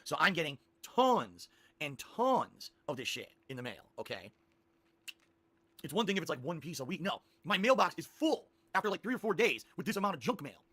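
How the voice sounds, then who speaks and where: A man telling a long rambling story to his stream viewers, animated and repeating himself. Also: on the high side, brisk, no echo.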